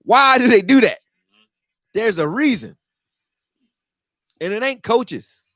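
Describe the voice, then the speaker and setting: A man's voice: very high voice, slow, dry recording, clean studio sound. A man who makes football videos, speaking in a casual, profane sports rant and acting out quotes. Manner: animated, profane, acts out quotes. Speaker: fan commentator making football videos.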